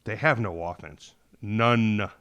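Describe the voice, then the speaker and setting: His voice sits low and smooth, fairly bright in tone, with a slow pace. He's a podcast co-host on a casual sports chat, rambling thoughtfully through game breakdowns, correcting himself, and battling the hiccups the whole time.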